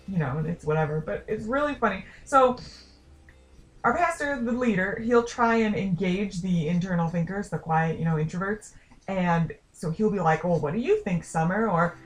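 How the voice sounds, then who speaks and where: A young adult woman chatting casually to camera, rambling and self-deprecating with quick asides. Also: mid-range voice. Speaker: vlogger. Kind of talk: casual talking-to-camera chat.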